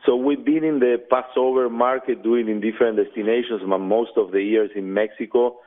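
A man's voice: mid-range voice, steady tone, brisk. A man calling into a radio show as a guest, talking eagerly and adding details as he goes. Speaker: phone-in guest. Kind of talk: casual phone interview. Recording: tinny phone line.

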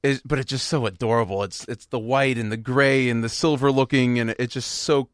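A man's voice: mid-range voice, fairly even intonation, brisk, no echo, studio quality. A man hosting a casual podcast chat, rambling and self-deprecating, often restarting his sentences. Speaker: podcast host.

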